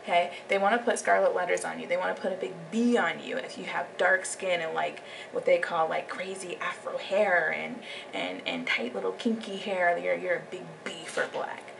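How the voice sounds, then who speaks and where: A young woman talking casually on her vlog, animated, slipping into whispered asides. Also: lowish voice, moderate pace, creaky. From United States. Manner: animated, drops into whispered asides and acted quotes. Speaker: vlogger. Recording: distant mic with faint background noise.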